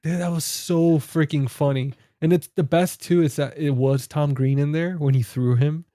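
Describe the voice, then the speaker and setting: Casual podcast co-host, man, upbeat and excitable, mellow dark tone, dry close mic. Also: fairly high pitch, normal speed, dry recording. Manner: excitable, laughs while retelling scenes. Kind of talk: casual movie chat.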